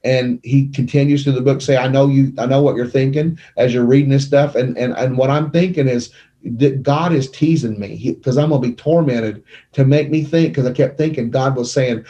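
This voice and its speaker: A middle-aged man telling his own life story in a studio conversation, emotional and animated as he acts out what people said. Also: medium pitch, fairly quick, highs cut off. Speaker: guest telling his testimony. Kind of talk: conversational testimony. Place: small media studio. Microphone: studio microphone.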